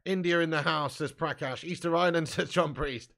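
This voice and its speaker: A man hosting a live fan watch-along, commentating excitably, swearing freely and shouting at chances. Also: a little high, moderate pace, vocal fry.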